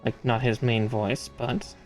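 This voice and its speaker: A man talking casually on a live stream as he builds a model kit, at an average pitch with soft music under him. He chats freely, laughs often and calls out part numbers as he works. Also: flat delivery, measured pace.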